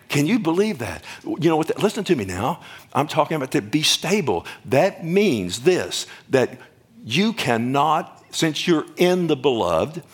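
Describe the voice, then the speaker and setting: An older male preacher delivering a sermon in a plain, folksy manner. His voice sits at a middle pitch, and he leans hard on key words while constantly checking in with his listeners. He talks as if to people seated in front of him in a church. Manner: folksy, emphatic, asks the audience questions. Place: church or stage before a congregation.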